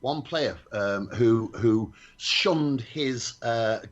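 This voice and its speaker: A man's voice: mid-range voice, very slow. A man from Manchester with a Mancunian accent, co-hosting a casual radio chat with dry, teasing humour. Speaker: co-host. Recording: dull lo-fi line.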